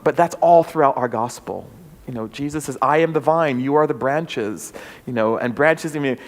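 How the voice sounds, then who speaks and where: A man, a bishop, giving an earnest, reflective talk to a forum audience, with frequent "um"s and small restarts. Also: medium pitch. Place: church forum hall. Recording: long hall reverb.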